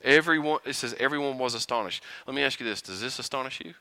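A man preaching a sermon, animated and often chuckling, building to rhetorical questions. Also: mid-range voice, fast, clear, resonant tone, dry recording.

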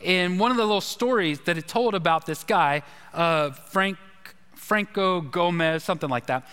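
Man, pastor, sermon, high voice, conversational storytelling, long hall reverb. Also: moderate pace, bright, forceful tone, clean tone.

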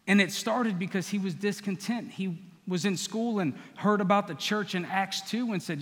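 A man's voice: high voice, normal speed, few pauses, long reverb tail. A man preaching a sermon as pastor, conversational and teasing the congregation by name.

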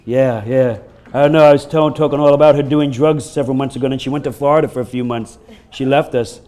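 A man preaching a sermon as pastor, telling stories in a lively, conversational way from a church stage. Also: medium pitch, fast talker. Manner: storytelling, animated and laughing during funny stories. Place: church sanctuary.

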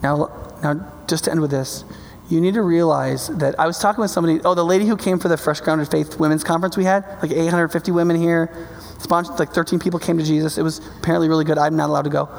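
Man preaching, high voice, gravelly, emphatic, conversational sermon, long hall reverb. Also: fairly even intonation, quick pace, slight background noise. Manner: emphatic, conversational, checks in with "okay?"; builds to passionate, loud climaxes. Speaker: pastor.

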